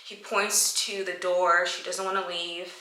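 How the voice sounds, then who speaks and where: A woman's voice: fairly low pitch, level tone, a little slow, sharp tone. A woman vlogger casually answering viewer questions, telling stories and acting out her own reactions in quotes. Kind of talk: casual Q&A storytelling. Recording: echoey room.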